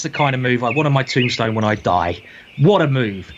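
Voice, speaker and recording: Male chess tutor doing voice-over, mid-pitched, chatty with jokes, on a muffled noisy track. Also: lively intonation, fairly quick. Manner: chatty, playful asides. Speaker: chess teacher. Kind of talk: chess lesson narration. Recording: dull audio with clear background noise.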